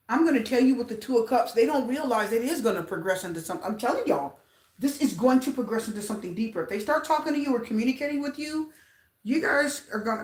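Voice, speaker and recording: A tarot reader with a voice on the high side talks to her viewers directly in an echoey room. The reading is casual and animated, and she repeats phrases to stress her points.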